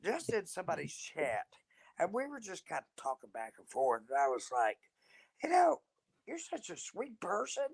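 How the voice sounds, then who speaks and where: A woman's voice: lowish voice, wildly swooping pitch, normal speed, vocal fry, breathy edge. A woman chatting as a guest on a livestream, teasing and telling stories. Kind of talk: casual chat on a livestream.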